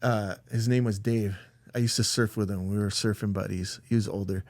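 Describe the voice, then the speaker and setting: A man's voice: on the low side, steady tone, brisk, a little mellow, no echo. Man rambling through a personal story. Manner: loose, rambling, with lots of "like" and "dude"; acts out quoted dialogue in a raised voice. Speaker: podcast guest.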